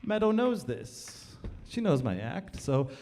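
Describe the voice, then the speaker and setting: A man with a slightly high voice tells a comic true story live on a cultural center stage. He is animated and playful, acting out every exchange. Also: slow. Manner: animated, comic, acts out dialogue.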